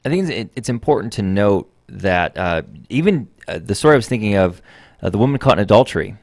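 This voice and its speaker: A man's voice: fairly low pitch, animated, quick pace, dry recording. A man co-hosting a radio talk show in a studio, asking pointed questions with some hesitant fillers. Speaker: radio co-host.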